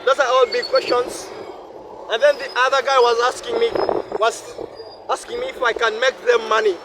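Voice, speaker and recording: A man with a Ugandan English accent, hoarse from flu and a cough, vlogs beside a highway in a casual monologue. His tone is level and his speed normal; he's reflective, repeats phrases, and sometimes drops into a deeper voice. The noisy outdoor recording picks up wind and traffic.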